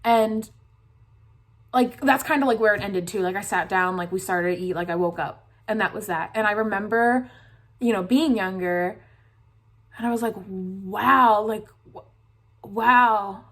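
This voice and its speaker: A woman's voice: medium pitch, moderate pace. A young woman vlogger telling a dream story casually, rambling with constant filler words.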